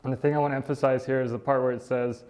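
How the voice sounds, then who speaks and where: Middle-aged man, dentist, casual presentation, flat and even delivery, fillers and asides. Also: mid-range voice, very fast. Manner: conversational, with fillers, laughs and "right?" asides. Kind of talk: casual talk.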